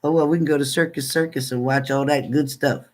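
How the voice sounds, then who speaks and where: A man's voice: mid-range voice, fairly even intonation, fairly quick. Chatty older man hosting a livestream. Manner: chatty, thanks viewers by name, calls them hon. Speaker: livestream host. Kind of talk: casual livestream chat with viewers.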